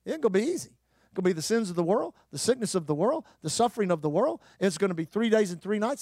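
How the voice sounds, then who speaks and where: A man preaching a sermon, emphatic, with rhetorical questions, repeated phrases and occasional shouted bursts. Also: high voice, very animated, fast, no room sound, clean studio sound. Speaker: pastor.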